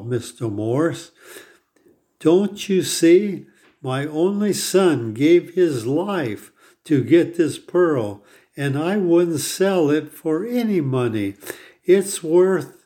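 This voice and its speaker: A man voicing an old pearl diver who speaks earnestly and pleads, in a slow, dark voice. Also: a little high. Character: old male pearl diver, proud and grieving.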